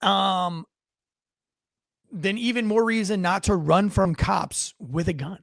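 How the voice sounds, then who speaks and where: A young man co-hosting a podcast, talking in an animated, emphatic way and reading comments aloud. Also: high voice, slow, creaky, no echo. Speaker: podcast co-host. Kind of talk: casual opinion chat.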